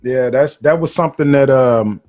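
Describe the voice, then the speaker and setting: A man's voice: mid-range voice, normal speed, a little mellow. A man who hosts a conversation and answers a guest with short, affirming replies.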